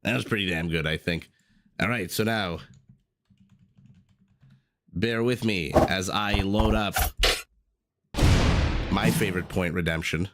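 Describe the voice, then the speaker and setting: A man's voice: sits low, slow, pauses often, fairly bright tone, slight background noise. A man casting a strategy game live on stream, playful and chatty, coughing along the way. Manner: playful, chatty, teasing himself. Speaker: esports caster. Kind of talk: live game commentary and casual stream chat.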